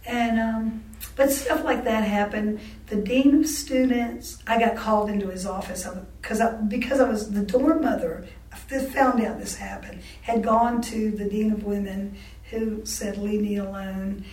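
A woman telling personal stories in an interview, candid and halting, with frequent restarts and wry laughs. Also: mid-range voice, fairly even intonation, a little mellow. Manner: laughs wryly between remarks. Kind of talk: oral history storytelling. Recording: roomy sound from a distant mic.

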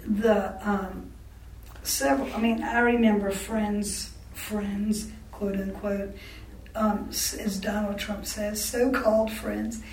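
A woman telling personal stories in an interview, candid and halting, with frequent restarts and wry laughs. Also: mid-range voice, level tone, a little mellow, a little hiss or hum. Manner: laughs wryly between remarks. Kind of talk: oral history storytelling. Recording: roomy sound from a distant mic.

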